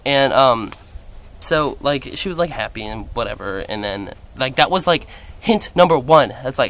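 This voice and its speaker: A young man telling a personal story to the camera in a casual vlog, chatty and animated, with lots of "like" fillers. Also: mid-range voice, fairly quick, slight background noise. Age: young adult. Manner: quotes others in playful voices. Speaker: vlogger.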